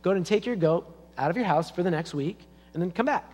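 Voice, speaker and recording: A man voicing a calm older rabbi who gives advice in a brisk, matter-of-fact way, heard with the long reverb of a church hall. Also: sits high. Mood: instructing.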